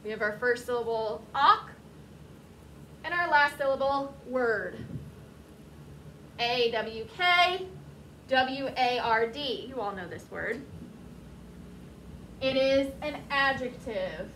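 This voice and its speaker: Slow, bright-voiced woman teacher spelling words. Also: a little high, slight background noise. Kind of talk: vocabulary lesson to a class. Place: classroom. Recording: echoey classroom, mic at a distance.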